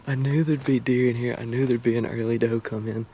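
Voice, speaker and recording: A man with a Southern US accent telling, in a hushed and then excited voice, how a hunt went, from a tree stand in the woods. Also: mid-range voice, fairly quick, a little hiss or hum. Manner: excited, breathless storytelling. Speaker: hunter filming his hunt. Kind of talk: whispered hunting vlog narration.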